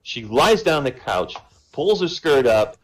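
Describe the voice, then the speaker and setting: A man telling jokes at a voice comedy show, in a casual, chatty storytelling way. His pitch is mid-range but very lively, rising and falling through the punchlines. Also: measured pace, poor audio.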